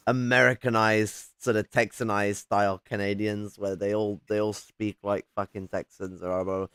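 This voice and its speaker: A man's voice: fairly low pitch, a bit bright, clean tone, no room sound. A man hosting a live stream, chatting casually in a rambling, sweary, opinionated way. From Yorkshire, England. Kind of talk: casual chat.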